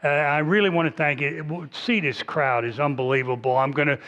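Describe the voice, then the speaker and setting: A man in his seventies speaks in a notably high voice as he lectures on history. He rambles and pokes fun at himself. He talks to a big audience in a library hall from a lectern mic. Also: fairly even intonation, fairly quick, a bit bright, muffled recording. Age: 70s. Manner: self-deprecating, rambling, joking. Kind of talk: public lecture with jokes. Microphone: stationary mic at a lectern.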